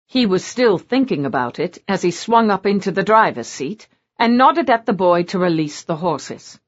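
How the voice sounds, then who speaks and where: A woman narrates a novel in a lower register, her delivery rising and falling with animated expression. The recording is muffled and lo-fi, with the top end dulled. The reading is steady, scripted storytelling. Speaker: audiobook narrator.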